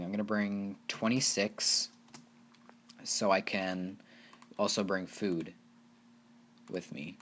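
A man hosting his own gaming channel, giving casual, rambling gameplay commentary and getting excited over small wins. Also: low-pitched, slight background noise. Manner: rambling, easily excited, talks to viewers as "you guys".

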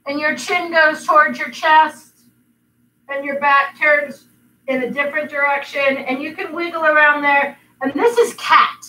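A woman guides children through yoga poses in a bright, high voice, teasing them with silly animal noises. She speaks slowly and patiently, and the sound comes from across an echoey room, far from the mic. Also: steady tone, a little hiss or hum. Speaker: kids' yoga instructor.

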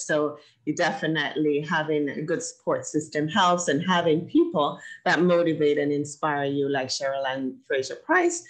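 A woman's voice: low-pitched, poor audio. A woman from Jamaica, playfully hosting an online kids' event over a video call, encouraging and often laughing. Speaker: host.

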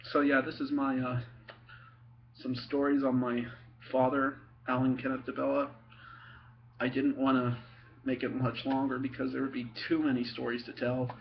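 A man's voice: medium pitch, gravelly, slight background noise. Young man, casual storyteller, giggles and trips over his words, muffled home-video sound. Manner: giggly, laughs through his stories; halting, many ums and restarts. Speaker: son telling family stories.

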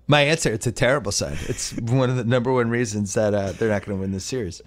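A man's voice: mid-range voice, fast, hardly any pauses. A man hosting a casual sports podcast, reading listener mail with wry storytelling. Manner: wry, storytelling, puts on voices when quoting people. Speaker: podcast host.

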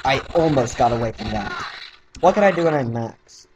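A man's voice: mid-range voice, expressive, normal speed, muffled recording. A young man giving offhand, sardonic let's play commentary, swearing casually as he plays. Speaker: gamer, channel host.

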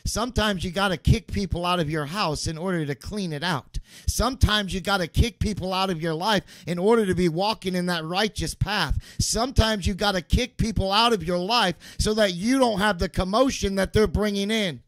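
A man's voice: high voice, normal speed, hardly any pauses, no echo. A man preaching a sermon as pastor, emphatic and repeating key phrases for stress.

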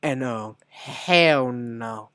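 A man doing gameplay commentary who shifts from low muttering to sudden shrieking outbursts, swearing often. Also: extremely slow, bright, forceful tone, clean tone, no echo. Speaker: gamer.

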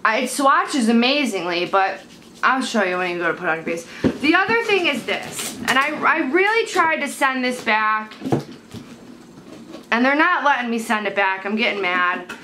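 A woman's voice: fairly high pitch, sing-song, normal speed. A young woman chatting to camera at home about makeup, rambling and blunt, swearing when annoyed. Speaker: beauty vlogger. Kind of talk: casual chat to camera. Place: at home, indoors. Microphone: handheld camera mic. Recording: noisy home camera recording.

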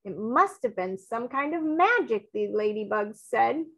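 A woman reading a storybook aloud, giving the dialogue expressive voices. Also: a little high, unhurried, vocal fry, low-quality recording.

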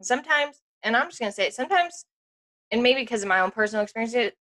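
Bright-toned woman co-host, emphatic. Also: a little high, lively intonation. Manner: emphatic, reacts with quick interjections. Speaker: podcast co-host. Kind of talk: casual chat.

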